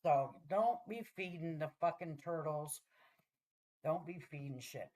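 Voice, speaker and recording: A woman's voice: deep voice, unhurried, darkish tone, poor audio. Profane, rambling middle-aged woman vlogger. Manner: talks to viewers with repeated "all right?" check-ins. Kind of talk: casual rant to camera.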